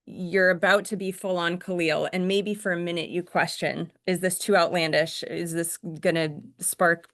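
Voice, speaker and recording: A woman hosting an interview, asking reflective questions and affirming her guest. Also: on the low side. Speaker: podcast host.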